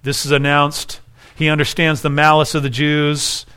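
A man preaching an expository sermon, emphatic, repeating key phrases and slowing down for quoted scripture. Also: a little high, monotone, pushed and bright, smooth.

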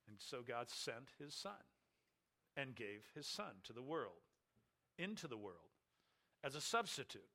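A man's voice: medium pitch, pushed and bright. A male pastor preaching an expository sermon, emphatic, repeating key phrases and asking and answering his own rhetorical questions.

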